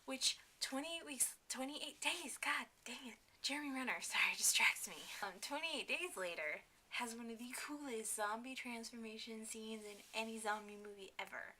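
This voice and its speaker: A young woman vlogs from home into her camera's own mic, chatty and eager, scattering fillers and side remarks as she goes. Her voice sits a bit high and bright. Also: normal speed, few pauses. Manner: chatty and enthusiastic, with many fillers and asides. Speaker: vlogger. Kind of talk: casual talk to camera.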